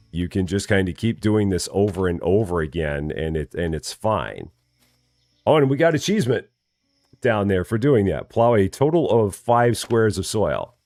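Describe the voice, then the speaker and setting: A man's voice: on the low side, a little mellow, dry recording. A man casually commenting as he plays a farming game on a live stream, chatty and friendly, greeting viewers by name and often repeating his words. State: still waking up, early morning.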